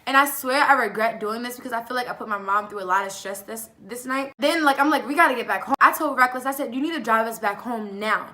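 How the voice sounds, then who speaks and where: A teenage girl chats through a storytime vlog, her voice high and bright. She talks loosely, full of fillers, and acts out what people said along the way. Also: fast talker, hardly any pauses. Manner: animated, acts out quoted lines with fillers. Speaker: vlogger. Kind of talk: casual storytime.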